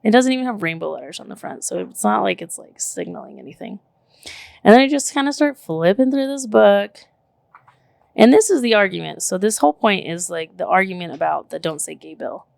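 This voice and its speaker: A woman in her thirties chatting casually on a podcast, telling stories in an animated way with lots of "like" and "literally", swearing now and then. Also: medium pitch, a little fast, gravelly, no echo. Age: 30s. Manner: animated, filler-heavy storytelling with frequent "like" and "literally". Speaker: podcast co-host. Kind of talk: casual chat.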